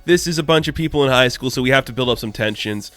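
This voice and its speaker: A man's voice: medium pitch, quick pace, a bit bright, no room sound. A man giving a casual comic book review, chatty and loose, full of "like" and "you know".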